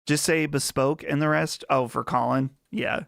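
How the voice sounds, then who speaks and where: A man's voice: on the high side, steady tone, normal speed, vocal fry, a bit bright, no echo. A man with a Western Pennsylvania accent hosting a casual live chat stream, chatty and rambling on a close mic. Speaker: livestream host.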